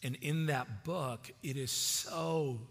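A man preaching a sermon as a pastor, conversational and animated, often repeating words as he starts a phrase. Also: medium pitch, takes it slowly, husky, in a large hall.

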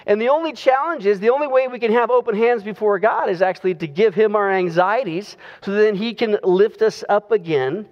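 Pastor preaching, chatty delivery with slowed emphasis, muffled sound, long hall echo. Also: mid-range voice. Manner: conversational, drawing out key phrases. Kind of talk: sermon.

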